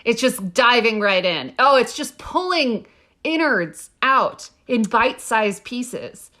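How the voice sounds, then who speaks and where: Podcast co-host, woman, bright, high-ish, gushing. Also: takes it slowly. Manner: excitable, gushing reactions. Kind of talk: casual podcast chat.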